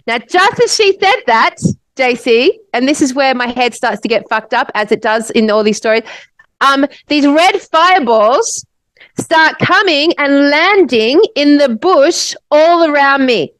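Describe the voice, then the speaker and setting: An Australian woman co-hosting a podcast, telling a wild story in an animated, rambling way and swearing freely. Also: sits high, measured pace, no echo, rough recording. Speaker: podcast co-host. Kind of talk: casual storytelling.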